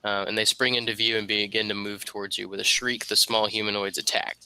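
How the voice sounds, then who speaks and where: A man's voice: on the low side, level tone, fairly quick, sharp tone, clean tone, rough recording. A man narrating as game master of a tabletop game, describing the scene with lots of fillers.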